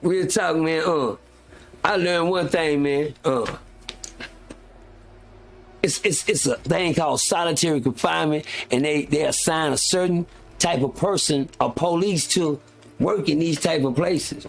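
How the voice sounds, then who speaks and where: A man speaks at a measured pace in a fairly high, creaky voice while hosting a live stream. His casual rant is heated, profane and rambling, packed with restarts and filler words.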